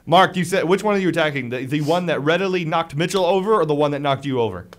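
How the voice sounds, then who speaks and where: A young man narrating as game master, lively and often laughing while describing the action. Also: fairly high pitch, quick pace. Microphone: podcast mic.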